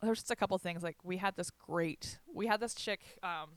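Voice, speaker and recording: A woman's voice: on the low side, a little fast, no echo. A woman telling stories in a casual chat, laughing often and acting out what others said.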